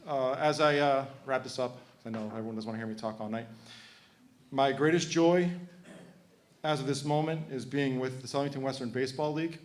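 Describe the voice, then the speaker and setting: A man's voice: medium pitch, steady tone, fairly quick. A man in his thirties from Connecticut giving a heartfelt, emotional acceptance speech, joking with the audience. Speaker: hall of fame inductee.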